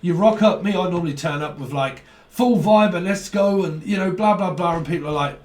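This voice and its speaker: A man talks through a tarot reading in a loose, rambling way, swearing and dropping slang as he goes. His voice sits a little high for a man. The sound is roomy, picked up from a mic set some distance away. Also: a little fast, darkish tone. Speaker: tarot reader. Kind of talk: casual tarot reading monologue.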